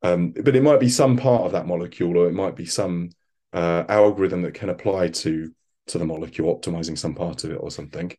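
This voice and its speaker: A man speaking as an expert guest in a conversational interview, thoughtful and halting, with frequent restarts. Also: sits low, warm tone. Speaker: quantum computing expert guest.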